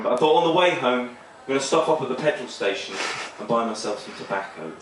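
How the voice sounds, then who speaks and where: A man doing a stand-up comedy set on a small club stage, rambling and self-deprecating with a deadpan delivery. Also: mid-range voice, quick pace, a crowd in the background. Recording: echoey club, mic heard from far, noisy.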